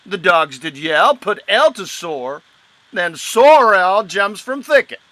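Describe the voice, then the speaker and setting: An actor playing a pedantic, wordy schoolmaster in a live-streamed Shakespeare reading, with pompous Latin-sprinkled flourishes. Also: male voice, high voice, very animated, slow pace, fairly bright tone, no echo, heavily acted. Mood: boastful.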